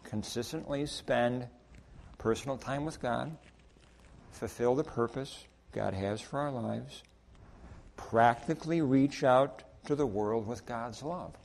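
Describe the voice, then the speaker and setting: A man preaching a sermon in a church sanctuary, telling stories in an animated way and acting out both sides of short exchanges, then leading a prayer. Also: medium pitch, takes it slowly, creaky, slight background noise.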